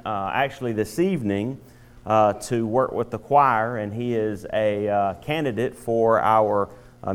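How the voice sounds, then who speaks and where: A male pastor giving a sermon, pausing often with fillers as he makes announcements and tells a story. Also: on the low side, clean tone. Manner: halting, many filler pauses.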